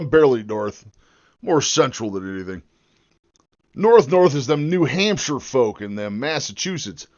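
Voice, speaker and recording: A man's voice: mid-range voice, very animated, moderate pace, a little mellow, lo-fi sound. An American man livestreaming while he edits a video, chatting in a rambling, joking and profane way. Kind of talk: live-stream chat while video editing.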